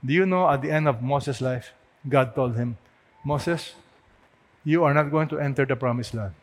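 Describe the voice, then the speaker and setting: A man's voice: mid-range voice, normal speed. Earnest man preaching in a reverberant hall. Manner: earnest, rhetorical questions, rising to emphatic peaks. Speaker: pastor. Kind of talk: sermon.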